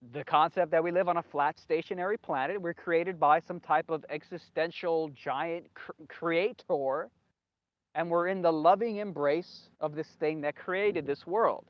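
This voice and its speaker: A man's voice: fairly high pitch, a little slow, dry recording. Rambling man in a dull, dry recording. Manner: emphatic, repeats himself, loses his train of thought. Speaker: video host. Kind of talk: rambling solo monologue.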